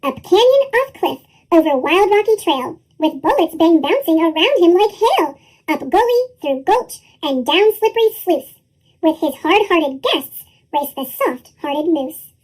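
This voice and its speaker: A squeaky, chipmunk-shifted voice reads a rhyming picture book in a bouncy sing-song. The pitch sits extremely high, and it leaps up and down through every line. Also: sing-song, measured pace. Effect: sped-up chipmunk pitch shift. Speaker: storyteller.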